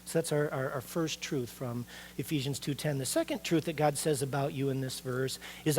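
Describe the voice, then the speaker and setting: A middle-aged male pastor delivering a sermon in a conversational, animated way, swinging between lively raised passages and quiet, low stretches. He speaks at a medium pitch and keeps putting questions to the congregation. A faint hum sits under the recording. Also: normal speed.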